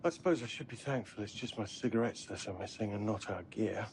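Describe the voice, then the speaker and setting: An actor playing a proud, touchy documentary director, speaking with a British accent in a precise, pompous way. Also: male voice, on the low side, quick pace, a little mellow, a little hiss or hum, natural voice. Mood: prickly.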